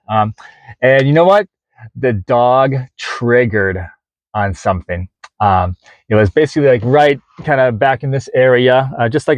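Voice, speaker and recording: A man's voice: medium pitch, no echo. A man in his forties telling a story to camera in a casual vlog from inside his van, rambling with lots of fillers and restarts and acting out the conversations. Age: 40s. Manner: rambling, many fillers and restarts, acts out quoted dialogue. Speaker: vlogger.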